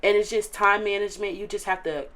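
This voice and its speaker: An eighteen-year-old woman speaks as an interview guest in a middle-pitched voice. She is earnest and emotional, and fills her sentences with "like". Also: fairly even intonation, fast talker, a bit bright. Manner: earnest and emotional, many filler likes. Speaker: interview guest, recent high school graduate. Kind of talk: casual interview chat.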